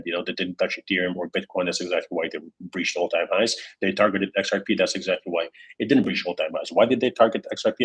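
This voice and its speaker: A man hosts a casual livestream in a deep, husky voice. He rambles along with plenty of fillers and false starts, reading out viewers' comments as he goes. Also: a bit bright, poor audio. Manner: rambling, many fillers and restarts, reads chat comments aloud. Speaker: crypto livestream host.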